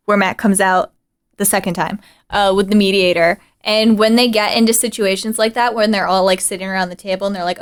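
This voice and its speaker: A woman co-hosting a podcast in casual chat, animated and rambling, swearing casually and laughing often. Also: medium pitch, normal speed, smooth. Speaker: podcast co-host.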